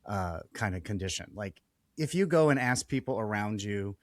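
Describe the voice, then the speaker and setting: A fairly low-voiced man hosts a relaxed podcast conversation. His speech comes with frequent restarts and hesitations, and his sentence ends tend to fade away. The sound is dry and close, with no room around it. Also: normal speed, no room sound. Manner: hesitant, restarts often, trails off softly. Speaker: podcast host. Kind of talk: casual conversational interview.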